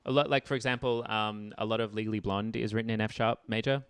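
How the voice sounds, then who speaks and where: Low gravelly man teaching music theory. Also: steady tone, fast, fairly bright tone, no room sound. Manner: chatty, demonstrates by speaking and tapping rhythms. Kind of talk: online group lesson.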